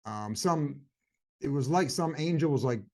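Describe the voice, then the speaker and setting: A man's voice: mid-range voice, lively intonation, measured pace. Easygoing man chatting about movies. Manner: easygoing, chatty, rambles while recalling. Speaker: podcast guest. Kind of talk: casual movie preview chat.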